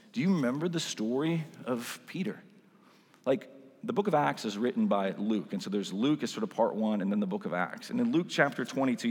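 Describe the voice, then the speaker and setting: A man's voice: mid-range voice, big-room sound. A man preaching a sermon in a casual, conversational way, full of asides and "like"s. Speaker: pastor.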